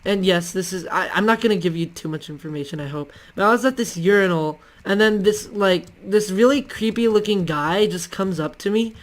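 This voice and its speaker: A man's voice: sits high, a little fast, few pauses. A male channel host telling casual stories to the camera in a rambling, hesitant way, full of ums and restarts.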